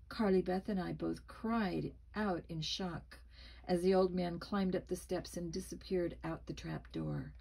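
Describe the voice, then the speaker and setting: A woman reading a spooky children's book aloud, expressive and dramatic, with small slips. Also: mid-range voice, gravelly, rough recording. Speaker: storybook reader.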